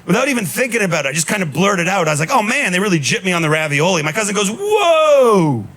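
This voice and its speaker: A man in his thirties doing a stand-up comedy set on a club stage, telling stories in a deadpan way with punchy asides. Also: sits high, racing. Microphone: handheld stage mic. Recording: live club recording with noise. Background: audience laughter.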